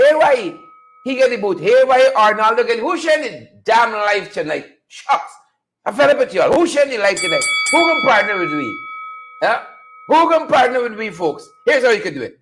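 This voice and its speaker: A man with a strikingly high voice hosts a one-man commentary show. He keeps addressing his viewers directly, repeats his lines for effect and jokes at the expense of politicians. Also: fairly bright tone. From Guyana. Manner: rhetorical, repeats phrases, talks straight to the audience; mocking, playful, laughs. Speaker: news commentary host. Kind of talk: animated solo political commentary.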